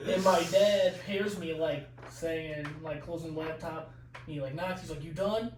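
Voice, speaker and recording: Brief: animated profane storyteller, high voice, podcast guest, echoey distant mic. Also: male voice, moderate pace, noisy background. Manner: animated, profane, laughs while telling stories. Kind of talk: casual storytelling.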